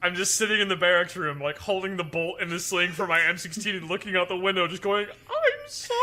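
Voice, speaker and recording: A man's voice: high-pitched, steady tone, fast, hardly any pauses, sharp tone. A young man telling a funny army story to a group, laughing through his lines. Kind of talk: comic storytelling.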